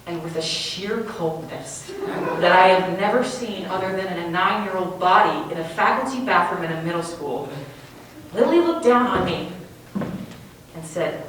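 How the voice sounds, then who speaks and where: A young woman telling a stand-up story on a small theater stage, animated and giggly. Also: on the high side, normal speed, a little hiss or hum. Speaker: comedian. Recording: echoey stage from far off.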